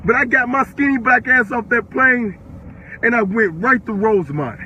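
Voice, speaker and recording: A young man of eighteen unloads an angry live-stream rant, profane and repetitive, his questions piling up. His voice sits very high and sounds tense and bright. Faint noise hums behind him. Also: moderate pace. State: upset and worked up.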